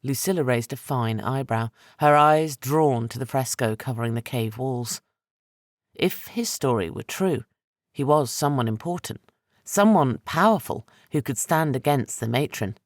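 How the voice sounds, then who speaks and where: A man narrating a historical fantasy audiobook in a steady, dramatic reading. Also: medium pitch, unhurried, no room sound, clean studio sound. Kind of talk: scripted narration.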